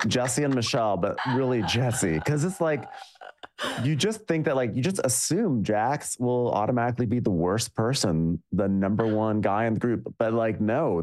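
Lively co-host rambling in casual chat. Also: mid-range voice. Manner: rambling, hunts for words, animated. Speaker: podcast co-host. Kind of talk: casual chat about reality TV.

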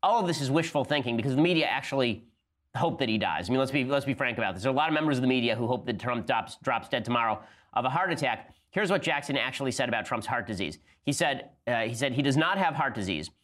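A man hosting a political podcast, delivering fast, sardonic commentary in quick bursts. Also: medium pitch, lively intonation, fairly bright tone. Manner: rapid-fire, sardonic, talks in quick bursts. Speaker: podcast host.

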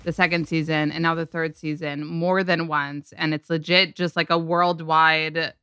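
Woman podcast host, excitable, bright crisp voice, lots of "like". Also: deep voice, moderate pace, faint music behind. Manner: excitable, fills her talk with "like". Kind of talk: casual gossip interview.

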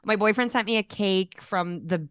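A woman's voice: mid-range voice, normal speed, a bit bright, smooth, no echo, clean studio sound. A young woman co-hosting a podcast, talking candidly in a chatty way with plenty of fillers. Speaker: podcast co-host. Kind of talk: casual chat. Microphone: remote call.

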